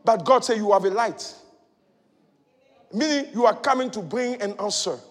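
A male preacher giving a sermon, moving between loud shouted exhortation and quiet teaching. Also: sits high, normal speed. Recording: long hall reverb.

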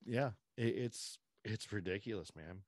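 A man's voice: fairly low pitch, a little slow, dry recording, studio quality. A man hosting a podcast in casual chat, opinionated and rambling, restarting his sentences often. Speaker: podcast host.

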